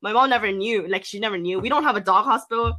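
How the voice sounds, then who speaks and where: A young woman from an island telling a story in a casual chat, lively and full of fillers, jumping into high quoted voices. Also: fast talker.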